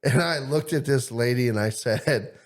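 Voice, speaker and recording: A man co-hosting a podcast, telling a story in a profane, excitable way. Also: medium pitch, normal speed. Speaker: podcast co-host. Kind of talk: casual chat, storytelling.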